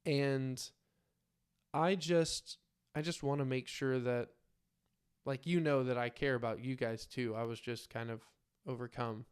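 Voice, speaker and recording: A man voicing Ulfric, a brawny male warrior who speaks in hesitant, halting sentences. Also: medium pitch, steady tone, clean tone, lightly acted. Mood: sheepish.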